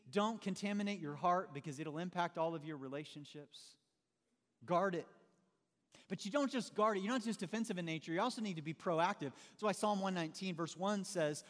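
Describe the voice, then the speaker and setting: A middle-aged man delivers a sermon in a high, bright-sounding voice, talking to the congregation like friends. His words ring out with a long reverb from a large church hall. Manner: conversational, animated, calls listeners "man". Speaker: pastor.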